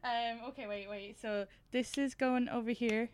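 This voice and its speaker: A woman's voice: on the high side, fairly even intonation, normal speed. A woman podcast host with an Irish accent that mixes Dublin and country sounds, chatting loosely, swearing and joking. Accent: Irish, mix of Dublin and country. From Leixlip area, Ireland. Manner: loose, swearing, laughing banter. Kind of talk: casual podcast chat.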